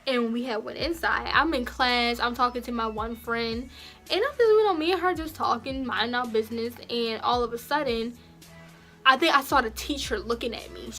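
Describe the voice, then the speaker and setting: A young woman vlogger telling a casual story, acting out the quotes in louder, raised voices. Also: a little high, moderate pace, soft background music.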